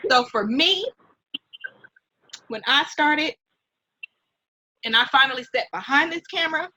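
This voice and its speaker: A middle-aged woman hosting an interview, talking in a heartfelt, animated, mentoring way. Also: high-pitched, measured pace, a little hiss or hum, rough recording. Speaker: host and nonprofit founder. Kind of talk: emotional casual interview.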